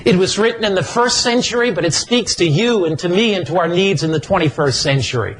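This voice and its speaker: A man's voice: high-pitched, a bit bright, poor audio. A man preaching a sermon in an emphatic, repetitive cadence.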